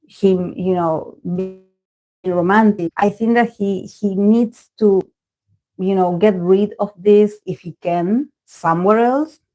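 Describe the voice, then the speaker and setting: A woman's voice: mid-range voice, slow, dark tone, low-quality recording. A woman who is a native Spanish speaker, reading tarot on a live stream in casual, rambling talk full of fillers and restarts. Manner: rambling, many fillers and self-corrections. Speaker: tarot reader.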